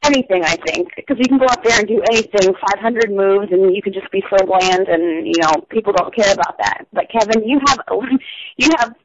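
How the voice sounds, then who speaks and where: A woman's voice: medium pitch, fairly quick. A woman guest in casual chat, talking earnestly and filling with lots of "like". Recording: dull lo-fi sound with noise behind.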